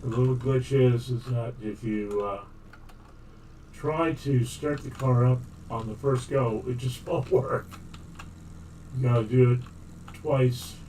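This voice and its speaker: A man's voice: mid-range voice, steady tone, slow pace, pauses often, mellow. A man streaming a survival game chats to his viewers in a loose, rambling way, addressing them as guys. His voice sits a little away from the mic, with a faint hiss under it. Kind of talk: casual stream chat. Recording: distant mic with faint noise.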